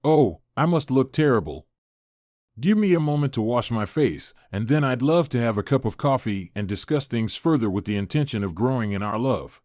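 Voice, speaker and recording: A man's voice: medium pitch, expressive, moderate pace, darkish tone, no echo, studio quality, natural voice. A man voicing a tearful, apologetic young wife in a first-person story reading, barely changing his own voice. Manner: pleading, contrite.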